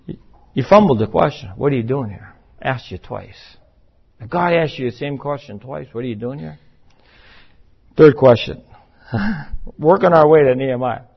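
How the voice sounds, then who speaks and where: Emphatic preacher man, muffled recording. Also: a little high. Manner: emphatic, conversational, acts out quoted voices. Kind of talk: sermon.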